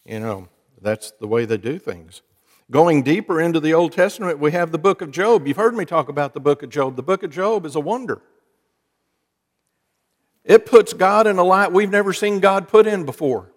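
A male preacher with a somewhat high voice speaks at normal speed with lively intonation, trading folksy jokes and wry asides with his congregation in a church sanctuary. A long hall reverb carries his words.

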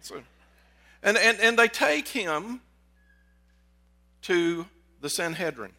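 A pastor preaching a lively, conversational sermon to his congregation, calling them folks. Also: high-pitched, slow pace, vocal fry. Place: church sanctuary.

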